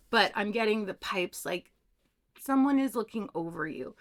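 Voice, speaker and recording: A woman's voice: medium pitch, moderate pace. Chatty woman reading tarot cards. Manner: chatty, animated, tells personal stories. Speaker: tarot reader. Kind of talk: pick-a-card tarot reading.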